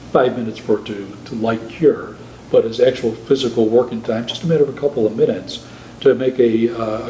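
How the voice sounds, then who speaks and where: A man's voice: mid-range voice, darkish tone. Older guy explaining his work, keeps restarting, roomy echo and a bit of hiss. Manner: thoughtful, halting, with many restarts. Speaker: guest prosthodontist. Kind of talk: conversational interview.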